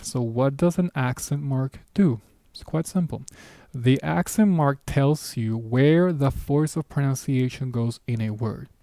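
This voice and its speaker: A man teaching a beginner language lesson at a whiteboard, explaining patiently step by step and slowing down for example words. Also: medium pitch, vocal fry, warm tone, no room sound, clean studio sound.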